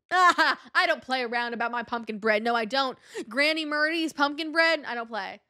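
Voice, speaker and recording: A woman's voice: moderate pace, sharp tone, clean tone. Bubbly young woman podcast host. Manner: bubbly and giggly, jumps between topics, big pitch swings. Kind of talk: casual solo podcast chat. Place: home room.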